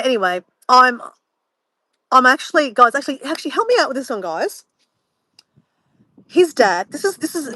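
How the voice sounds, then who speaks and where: A young woman in a casual livestream, rambling and telling a story with animated asides and swearing. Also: a little high, no echo, poor audio. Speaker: disability support worker.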